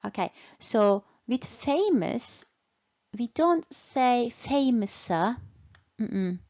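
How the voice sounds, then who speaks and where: A woman teaching English in a slow, deliberate way, patiently repeating and stretching out key words for learners. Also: fairly high pitch, lively intonation, a little mellow, highs cut off. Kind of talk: slow, deliberate language lesson.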